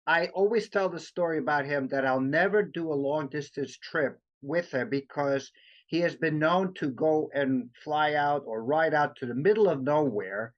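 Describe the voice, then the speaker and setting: Higher-voiced man telling a rambling story. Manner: halting, restarts, acts out quoted lines. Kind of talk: casual storytelling. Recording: dull lo-fi sound.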